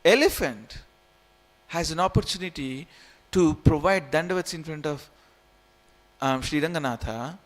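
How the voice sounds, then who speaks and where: A man's voice: fairly high pitch, measured pace. A man in his forties, originally from India, giving an informal, jokey scripture class in a temple hall, repeating phrases and coaxing his listeners. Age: 40s. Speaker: temple speaker.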